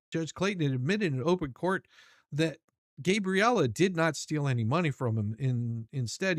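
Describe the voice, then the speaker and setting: A man's voice: mid-range voice, no echo. Guy rambling thru crude commentary, lots of stammering restarts, dry close sound. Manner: stammering, restarts often, mocking asides. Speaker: commentary channel host.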